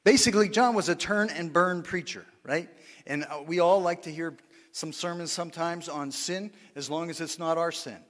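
A man's voice: a little high, moderate pace, fairly bright tone, in a large hall. A pastor preaching a sermon in a conversational way, often asking the congregation for responses and laughing at his own lines. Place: church sanctuary.

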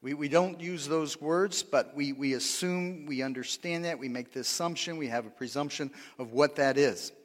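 A man's voice: fairly high pitch, moderate pace, few pauses, long reverb tail. A pastor preaching a sermon in a conversational way, often asking the congregation for responses and laughing at his own lines. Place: church sanctuary.

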